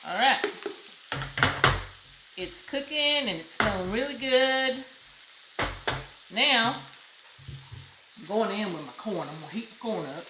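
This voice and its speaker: A woman's voice: a little high, lively intonation, slow pace, pauses often. A woman with a Southern US accent hosting a casual home cooking demonstration, chatty and folksy, exclaiming over the food. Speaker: cooking show host. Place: home kitchen. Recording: roomy kitchen with loud frying noise. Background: sizzling pan and utensil clicks.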